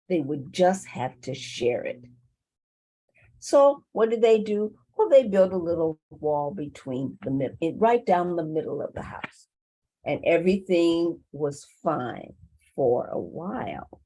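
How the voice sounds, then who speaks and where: A woman telling a folk tale to a community group in an unhurried way. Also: lowish voice, low-quality recording. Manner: lively, unhurried, with pauses. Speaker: storyteller.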